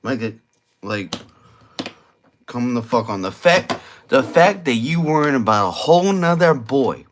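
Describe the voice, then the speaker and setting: A man's voice: medium pitch, expressive, measured pace, pauses often, a little hiss or hum. A young man, tipsy from drinking, rambling through a crude, slang-heavy late-night monologue and repeating his points. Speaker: vlogger.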